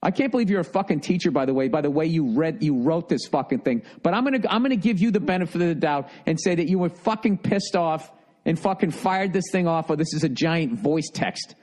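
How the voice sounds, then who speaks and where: A man's voice: on the high side, animated, brisk, a little mellow. A man in his fifties with a Boston accent, ranting profanely and with exasperation as a podcast host reading listener mail.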